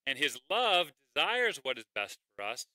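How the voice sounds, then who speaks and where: A man's voice: on the high side, sing-song, moderate pace, bright, forceful tone, no echo, rough recording. A man preaching a sermon as pastor, conversational, with rhetorical questions and occasional fillers.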